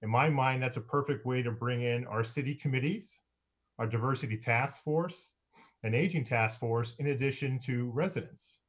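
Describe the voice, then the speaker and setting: A man gives his council report as mayor. He speaks in a halting way, with frequent fillers and pauses. His pitch sits in the ordinary middle range for a man. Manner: halting, many fillers, occasional laughs.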